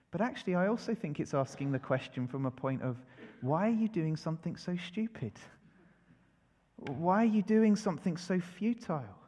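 A man's voice: fairly high pitch, darkish tone, long reverb tail. A man preaching a sermon, asking rhetorical questions and building to emphatic declarations.

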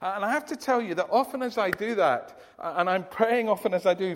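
A man's voice: sits high, animated, a little fast, few pauses, big-room sound. A man from the UK preaching a sermon in an earnest, emphatic way, often restarting his phrases. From United Kingdom.

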